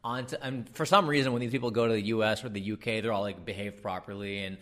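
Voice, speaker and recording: This American comic is on a quick-paced rant, his medium-pitched voice full of exasperation and energy. Swear words and filler words come freely.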